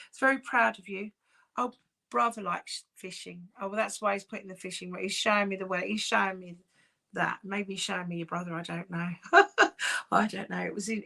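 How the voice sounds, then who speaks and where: A woman working as a psychic medium, giving live-streamed readings in a soft, reassuring, chatty way with many pauses. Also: mid-range voice, creaky. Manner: soft, reassuring, calls sitters "my darling".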